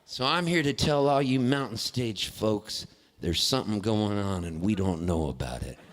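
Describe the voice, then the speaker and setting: A man's voice: fairly low pitch, expressive, normal speed, a little hiss or hum. A man, a performing musician, telling an earnest story onstage at a concert hall, acting out the voices he quotes.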